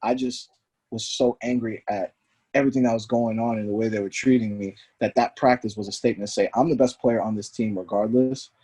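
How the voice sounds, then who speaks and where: Husky guy talking fast, tells his story all animated, does the voices of people he quotes. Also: fairly low pitch. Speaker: guest, former pro soccer player. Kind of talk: storytelling in conversation.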